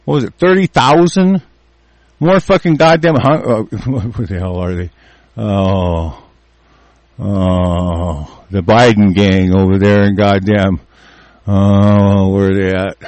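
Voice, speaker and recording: A man in a furious, profane rant, repeating himself and shouting through restarts. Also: fairly low pitch, takes it slowly. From United States. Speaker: ranting commentator.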